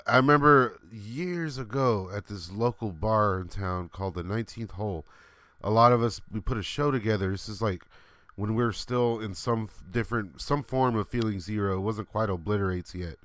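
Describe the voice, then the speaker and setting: A man's voice: lowish voice, moderate pace, fairly bright tone, no room sound. A man in his thirties hosting a livestream, telling a rambling, laughing story with many fillers and some swearing. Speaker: livestream host.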